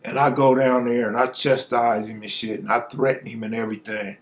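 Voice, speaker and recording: A man's voice: mid-range voice, level tone, a little fast. A man from Los Angeles telling a true street story in a laid-back, slangy, conversational way.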